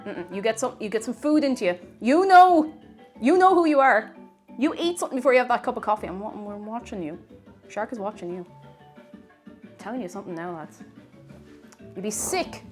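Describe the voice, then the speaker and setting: A woman's voice: mid-range voice, a little fast, long pauses, soft background music. A young Irish woman chatting casually on a cooking live stream in her home kitchen, reading out viewer comments with playful asides.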